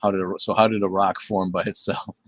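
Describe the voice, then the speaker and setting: A man's voice: deep voice, little pitch movement, a little fast, no echo. A middle-aged man hosting a casual livestream, answering viewer comments in a blunt, profane and rambling way with many fillers. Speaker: livestream host.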